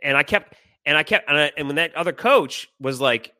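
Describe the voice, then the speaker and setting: A middle-aged man tells a story in a bright, forceful voice with a dry, close sound. He talks animatedly, swears freely, and acts out the people in it. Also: a little high, animated, normal speed, no echo. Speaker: podcast co-host. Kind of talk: casual storytelling chat.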